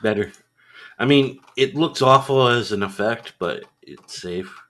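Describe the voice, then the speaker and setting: A man's voice: mid-range voice, unhurried, bright, forceful tone. A man co-hosting a film review podcast, chatting casually and dropping dry, teasing remarks. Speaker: podcast co-host.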